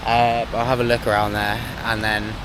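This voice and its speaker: A man's voice: lowish voice, monotone, a little fast. A man vlogging while walking around a city, chatty and self-deprecating with rambling asides. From England. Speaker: travel vlogger. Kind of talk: casual travel vlog. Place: outdoors in city streets. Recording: loud city street noise. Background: traffic and street sounds.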